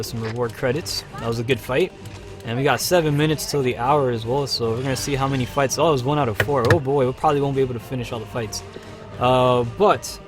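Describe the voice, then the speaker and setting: Chatty man commenting on gameplay. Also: mid-range voice. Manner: chatty and excitable, bursts of loud cheering and laughter. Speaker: live-stream host playing a game. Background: game music.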